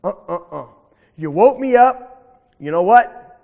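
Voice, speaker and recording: A man's voice: sits high, sing-song, moderate pace, creaky, exaggerated voice. A man voicing a big, vain, bullying male alligator in a blustering, menacing way. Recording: echoey hall reverb.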